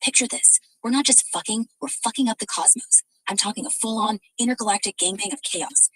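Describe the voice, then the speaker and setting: A woman's voice: on the high side, fairly quick, a bit bright, a little hiss or hum, poor audio. A female synthetic assistant voice in a car, bantering in a crude, gleefully vulgar and over-the-top way. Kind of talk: unhinged profane banter.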